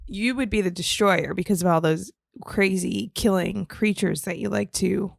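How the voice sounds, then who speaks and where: A woman's voice: mid-range voice, normal speed, gravelly, no echo, studio quality. A woman co-hosting a podcast, chatting casually in an upbeat way and laughing often. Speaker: podcast co-host. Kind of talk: casual chat.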